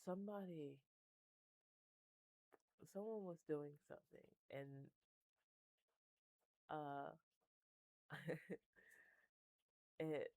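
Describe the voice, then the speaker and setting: A tarot reader giving a loose, chatty reading straight to camera, wandering between thoughts with easy laughs and offhand curses. The voice is gravelly and dark, and the sound is close and dry with no room around it. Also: mid-range voice, very slow, pauses often, no echo, poor audio. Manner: rambling, chatty, with frequent laughs and casual swearing.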